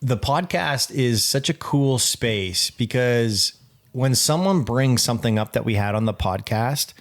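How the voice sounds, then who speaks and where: A man's voice: medium pitch, expressive, unhurried. A man co-hosting a podcast in casual chat, joking and playful, often jumping in over his partner. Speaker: podcast co-host.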